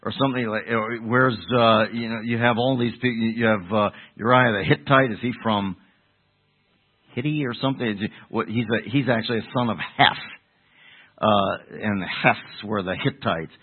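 A low-voiced man from preaches a sermon at an unhurried pace, circling back and restarting his thoughts. His voice is husky and slightly low. The sound is narrow and tinny, as if heard over a phone. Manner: rambling, restarts, rhetorical questions to the congregation.

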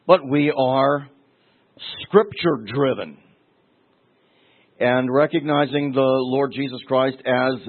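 A middle-aged man pastor preaching a teaching sermon, deliberate, with restarts and asides. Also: mid-range voice. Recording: tinny phone-like sermon recording.

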